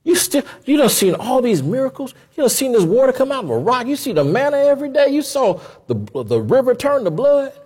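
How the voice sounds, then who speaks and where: A preacher voicing God, scolding doubting people in an incredulous, husky voice. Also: male voice, extremely high pitch, very animated, fairly quick, few pauses, a little mellow, voice pushed up, full character voice.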